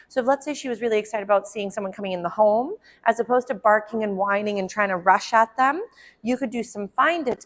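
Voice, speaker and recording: A woman dog trainer explaining puppy training in a friendly way at home, with frequent ums and quick asides to the puppy. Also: mid-range voice. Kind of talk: instructional dog-training demo.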